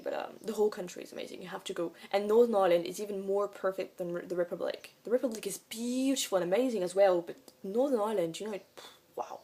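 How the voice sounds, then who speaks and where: A woman's voice: medium pitch, a little mellow. A young woman whose first language is French, chatting through a casual Q&A vlog in English, hesitant and rambling with many fillers. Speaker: vlogger.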